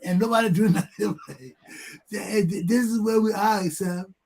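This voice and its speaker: A Liberian man with a high-pitched voice hosts a talk show and rants about the state of his country. He mocks others by echoing their repeated shouts, and his speech is loose and forceful. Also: fairly even intonation, measured pace. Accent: Liberian English. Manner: mocks people by mimicking their repeated yelling. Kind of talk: heated talk show commentary.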